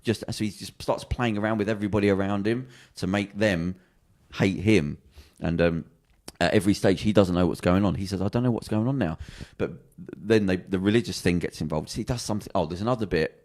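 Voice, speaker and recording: A man co-hosting a casual podcast, spinning out a TV plot in a rambling, animated way and throwing in voices for the characters. His voice sits low, and he talks at a quick clip that keeps tumbling forward. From England. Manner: rambling, animated storytelling with acted quotes and restarts. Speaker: podcast co-host. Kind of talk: casual chat, retelling a TV plot.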